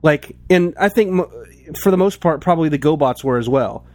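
A man with a fairly high voice talks loosely about old toys, circling back with lots of restarts and filler words. The sound is close and dry, with no room around him. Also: expressive, a little fast, darkish tone, no echo. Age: adult, toy collector since childhood. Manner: rambling, many restarts and "like". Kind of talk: casual chat about toys.

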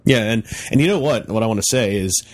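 A man's voice: lowish voice, quick pace. A man hosting a casual podcast chat, recapping a fan convention and acting out what people said. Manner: animated, quotes people in put-on voices. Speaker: podcast host.

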